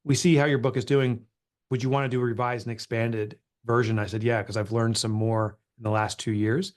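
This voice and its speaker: A middle-aged man tells a personal story in an interview, earnest and confessional. His pitch sits right in the middle for a man, and he speaks with open, raw feeling. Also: little pitch movement, fairly quick. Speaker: author and guest.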